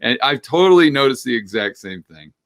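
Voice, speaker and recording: A man with a bright, forceful voice talks as a podcast guest. He is animated and often stumbles over repeated words as he begins a thought. The pitch sits in a middle range for a man. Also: a little fast. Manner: animated, repeats words when starting sentences. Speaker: interview guest, finance commentator. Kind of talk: casual podcast conversation.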